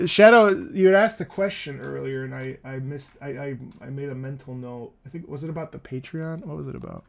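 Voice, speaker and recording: Gravelly-voiced man chatting on stream. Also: medium pitch, a little fast. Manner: rambling, laughing, swears freely. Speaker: streamer reacting to music. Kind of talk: casual live-stream chat.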